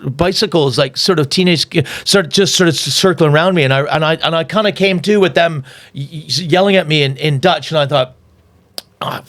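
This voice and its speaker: A man with a fairly high voice spins a rambling anecdote in casual pub chat. He swears constantly and trips over his own restarts. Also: a little fast, fairly bright tone. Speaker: comedian guest.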